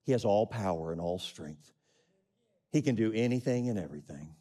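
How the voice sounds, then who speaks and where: A man's voice: on the low side, lively intonation, normal speed, mellow. A middle-aged man preaching a sermon, reading scripture and asking the congregation questions with rising emphasis. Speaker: pastor.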